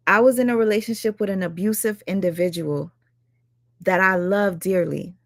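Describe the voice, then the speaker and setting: A woman's voice: medium pitch, steady tone, moderate pace, dry recording. Woman reaction streamer, candid and profane, mid-range voice, dry close sound. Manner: candid, swears freely. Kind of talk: casual chat.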